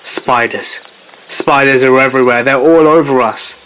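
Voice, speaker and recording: A man's voice: mid-range voice, moderate pace, smooth, close to an everyday voice, rough recording. A man voicing his friend, a young man waking in panic from a night terror. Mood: panicked. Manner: frantic then oddly calm.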